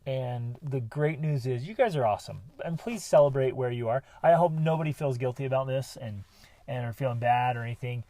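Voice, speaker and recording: A middle-aged man hosting a motivational podcast, talking earnestly and breaking into bursts of excitement. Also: mid-range voice, brisk, no echo. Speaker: podcast host.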